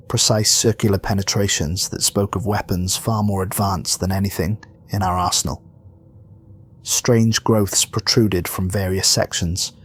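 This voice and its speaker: A man reading a first-person sci-fi horror story in a steady, measured storytelling voice. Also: on the low side, creaky, husky. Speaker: narrator.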